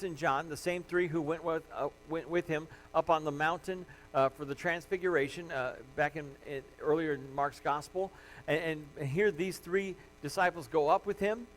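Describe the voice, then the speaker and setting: Man, pastor, sermon, higher-pitched voice, earnest, emphatic swells, reads scripture. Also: low-quality recording. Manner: earnest, rising to loud emphatic passages; frequent fillers and restarts, reading scripture aloud.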